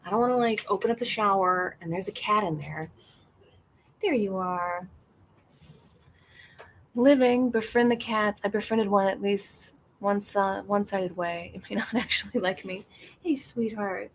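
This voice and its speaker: A woman's voice: mid-range voice, moderate pace. Brief: rambling, laughing woman hosting a livestream outdoors, with faint noise behind her. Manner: chatty, rambling, laughs often. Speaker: livestream host. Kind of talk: casual livestream chat.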